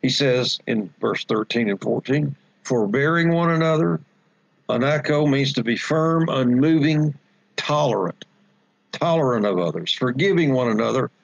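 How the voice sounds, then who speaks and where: Male pastor, Bible study teaching, gravelly and husky voice, dull dry lo-fi recording. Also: mid-range voice, moderate pace, no room sound. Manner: explains Greek words, emphatic and repetitive.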